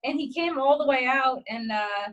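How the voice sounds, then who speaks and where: A young adult woman and guest comedian, telling a story in casual podcast chat, animated and swearing freely as she acts out quotes. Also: high voice, moderate pace, highs cut off.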